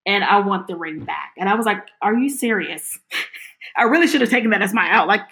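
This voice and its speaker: Woman, middle-aged, interview storytelling, animated, voices quoted dialogue, mid pitch. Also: brisk, gravelly.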